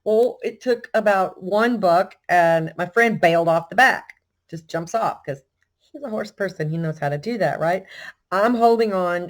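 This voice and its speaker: Folksy Texan woman telling a story. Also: on the low side. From Texas. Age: older. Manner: animated, self-deprecating, folksy. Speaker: vlogger. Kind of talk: casual storytelling.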